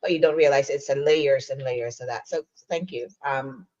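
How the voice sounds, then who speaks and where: A woman's voice: very deep voice, normal speed, a little mellow. Hesitant woman co-host on muffled audio. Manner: hesitant, restarts and searches for words. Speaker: podcast co-host. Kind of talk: podcast conversation.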